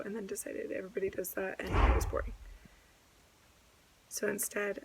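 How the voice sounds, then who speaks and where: Hoarse young woman teacher, raspy half-whisper, chatty vlogger in her classroom, slight hiss behind. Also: mid-range voice, low-quality recording. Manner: chatty, rambling, self-correcting. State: hoarse, lost voice. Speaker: second grade teacher. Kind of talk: casual classroom vlog.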